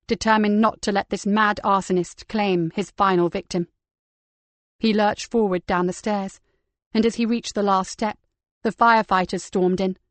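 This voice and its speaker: A woman narrating a crime novel audiobook in a steady, measured reading. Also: mid-range voice, no echo. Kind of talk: scripted crime fiction narration.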